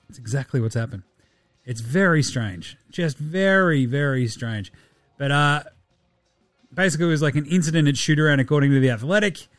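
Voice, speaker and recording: A man with an Australian accent hosting a casual solo sports podcast, loose, sweary and quick to laugh. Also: fairly high pitch, no echo, faint music behind. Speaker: podcast host.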